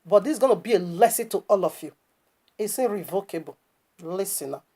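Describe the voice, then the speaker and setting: A woman's voice: medium pitch, expressive, brisk, dark tone, breathy edge. A woman preaching online in an impassioned, scolding commentary that is full of rhetorical questions and stammered restarts.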